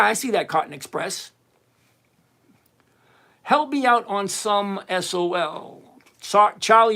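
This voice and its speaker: A man hosting a livestream on trading, answering viewers' chat questions in a casual, teasing, emphatic way. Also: high-pitched. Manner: animated, teasing, emphatic with repetition.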